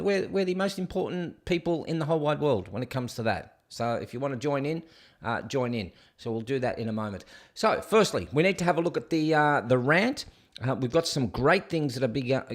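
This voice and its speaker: A man hosting a casual live stream, chatty and joking, talking back to the clips he plays. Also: on the high side. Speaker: host.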